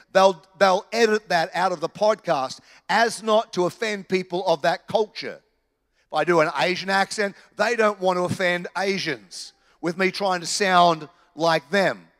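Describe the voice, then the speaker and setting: An Australian pastor preaching with a higher-than-usual voice for a man. His delivery is lively and conversational, with humorous asides. His voice carries a long echo from a large hall. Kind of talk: sermon. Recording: reverberant church hall.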